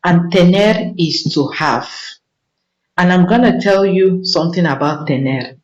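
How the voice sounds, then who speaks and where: Woman teacher, slow and patient, repeats each word, echoey room, dull lo-fi sound. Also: lowish voice. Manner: patient, repeats words slowly for learners. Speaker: Spanish teacher. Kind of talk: vocabulary lesson.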